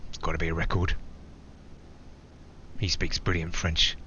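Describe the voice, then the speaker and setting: A man's voice: sits low, level tone, unhurried, bright, forceful tone, highs cut off, slight background noise. An actor playing a man flying alone, who talks in a reflective, digressive way with small hesitations. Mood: musing. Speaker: narrator-pilot. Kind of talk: theatrical monologue.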